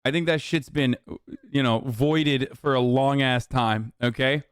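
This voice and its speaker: A man's voice: medium pitch, steady tone, unhurried, clean tone, no echo, clean studio sound. A man hosting a livestream who rants with heavy swearing and sarcasm while reacting to chat messages. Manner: profane, heated, sarcastic. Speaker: livestream host. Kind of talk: ranting commentary, reacting to chat.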